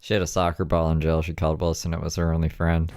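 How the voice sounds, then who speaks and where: A man's voice: a bass voice, monotone, fast talker, darkish tone, a little hiss or hum. A man hosting a commentary show, reacting to a stream with sarcastic, mocking, profane remarks. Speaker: commentary host.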